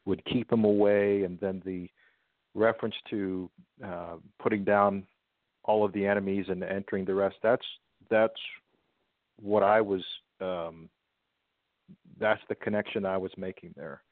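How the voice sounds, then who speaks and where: Man, low voice, halting talk with restarts, dry phone-line sound. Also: steady tone, no echo. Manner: hesitant, halting, many restarts. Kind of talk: casual on-air discussion.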